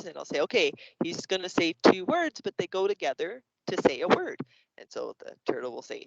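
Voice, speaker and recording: A Canadian man with a slightly high voice walks other teachers through classroom activities, acting out little scenes as he goes. The call audio is dry and dull, with a lo-fi edge. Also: vocal fry, dry recording. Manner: lively, acts out classroom examples. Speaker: teacher presenting to educators. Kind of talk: explanatory workshop presentation.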